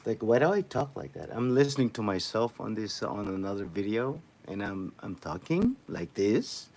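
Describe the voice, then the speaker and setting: A man's voice: lowish voice, very animated, moderate pace, hardly any pauses, a little mellow. A man livestreaming, chatting casually to viewers in a loose, rambling way with lots of repeated phrases.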